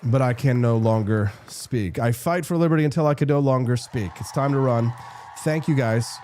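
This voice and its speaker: A man hosting a political commentary show, talking in emphatic, repeated rhetorical punches, his voice going hoarse. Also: mid-range voice, moderate pace, mellow, a faint crowd, slight background noise. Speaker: host.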